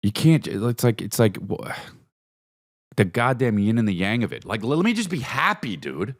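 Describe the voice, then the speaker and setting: A man, hosting a podcast in a rambling, profane, comedic monologue that swings between low mutters and high excited bursts. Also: normal speed, no echo, clean studio sound. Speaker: podcast host.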